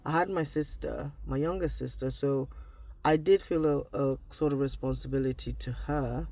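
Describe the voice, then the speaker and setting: A man's voice: fairly high pitch, fairly even intonation, moderate pace, darkish tone. A man from Nigeria, talking through personal reflections in a casual diary vlog, often trailing off and restarting his thoughts. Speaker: vlogger.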